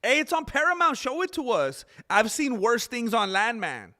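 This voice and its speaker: A young man with a high, bright voice reacts to fights on his live stream. He jokes constantly and laughs often, with an easy, excitable delivery. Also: normal speed. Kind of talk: live fight commentary chat.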